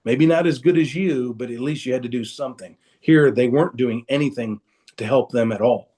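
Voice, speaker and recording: A man's voice: mid-range voice, brisk, warm tone. A man telling a personal story as a guest in a casual, rambling way, with many restarts, over a video call. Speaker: guest speaker.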